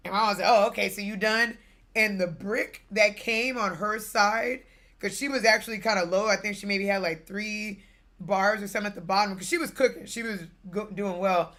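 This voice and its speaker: A young woman streaming games, telling a family story in a casual, animated way with bursts of laughter. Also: medium pitch, moderate pace. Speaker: gaming streamer.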